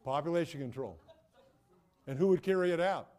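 A man's voice: a little high, brisk, a little mellow. A middle-aged man preaching a sermon as a pastor, emphatic and repetitive, often restarting his phrases.

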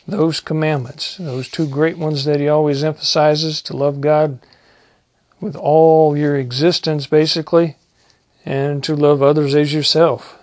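A man preaching, reading psalms aloud in a slow, measured way and adding short comments. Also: on the high side, little pitch movement, a little mellow, dry recording. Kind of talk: Bible reading and sermon.

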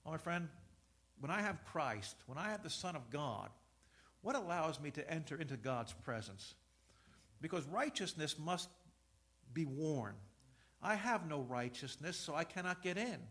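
In his sermon, a middle-aged male pastor spins stories and voices the characters' dialogue, then rises into emphatic preaching. He sounds a little high and expressive, speaking a little slowly with a fairly bright tone.

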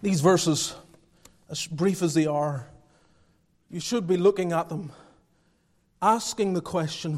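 A man preaching a sermon as pastor, earnest, moving between hushed and fervent passages. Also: on the high side, takes it slowly, pauses often. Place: church sanctuary. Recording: church with long reverb.

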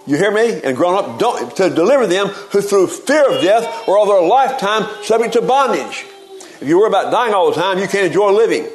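A man's voice: high voice, expressive, brisk, low-quality recording. A man preaching a sermon in a folksy, emphatic way, often repeating words as he gets going.

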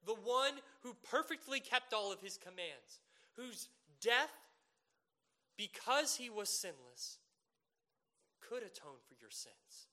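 Bright, high-voiced man preaching a sermon. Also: expressive, takes it slowly. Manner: earnest, rising to emphatic peaks with rhetorical questions.

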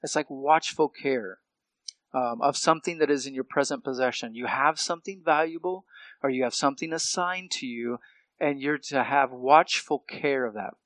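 A man's voice: mid-range voice, normal speed, fairly bright tone, no room sound. A male pastor preaching a sermon in a conversational way, often checking in with "right?" and restarting phrases.

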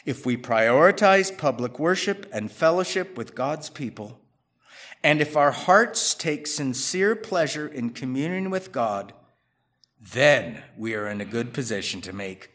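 A man preaching a sermon as a pastor, talking conversationally, rising to loud emphatic bursts, dropping to quiet asides, and acting out quoted people. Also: mid-range voice, lively intonation, unhurried. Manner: acts out quoted people in his own voice.

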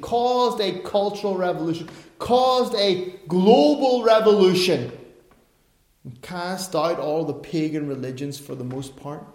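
A man's voice: a little high, darkish tone. A middle-aged male pastor preaching a sermon, emphatic, with chatty asides and self-corrections. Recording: echoey room.

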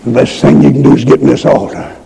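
An older man preaching a revival sermon and altar call, impassioned, moving from hushed storytelling to shouted pleas, with a raspy voice. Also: mid-range voice, quick pace, a little hiss or hum, rough recording.

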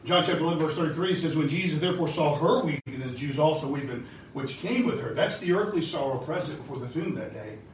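A man's voice: fairly high pitch, fast, few pauses, slight background noise. A man preaching a sermon with an impassioned delivery that rises and falls, recorded in a church. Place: church sanctuary. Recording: echoey church hall from far off, dull and lo-fi.

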